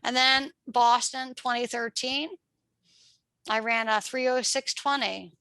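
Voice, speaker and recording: A middle-aged woman from Pennsylvania, a marathon runner appearing as a podcast guest, tells a personal story in a chatty, lively way, acting out the voices of people she spoke with and laughing often. Her slow-paced voice sits a little high and bright with a gravelly fry. The recording is close, dry and low in quality.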